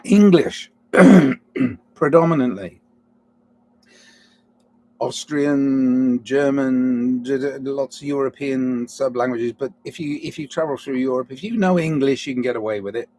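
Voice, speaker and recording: In a digressive, reflective monologue, a solo podcaster keeps interrupting himself and restarting thoughts, flaring into heated outbursts between stretches of musing and following them with self-mocking apologies. He speaks a little slowly in a warm, mid-range voice.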